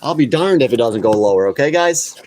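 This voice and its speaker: A man's voice: mid-range voice, expressive, brisk, darkish tone, slight background noise. A man hosting a live crypto talk stream, talking casually and bluntly, getting worked up and scolding his viewers. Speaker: crypto channel host.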